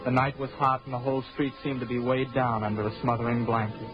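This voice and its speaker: A young man narrates an old radio drama in a gentle, wistful way. His voice sits at a medium pitch, with music behind him and the dull sound of an old recording. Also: little pitch movement, fast. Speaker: narrator and lead actor.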